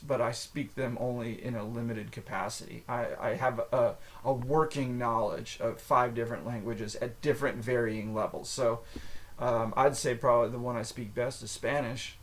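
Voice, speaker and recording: A man's voice: medium pitch, fairly bright tone. An American man hosting his own podcast, talking in a rambling, casual monologue full of fillers and restarts. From United States. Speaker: podcast host.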